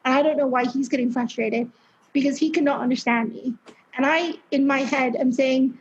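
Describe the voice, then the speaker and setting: A young woman with a high voice talks as a podcast guest, in a loose, chatty way full of fillers and blunt swearing. The sound is dull and lo-fi. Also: fairly even intonation, normal speed. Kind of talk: casual interview storytelling.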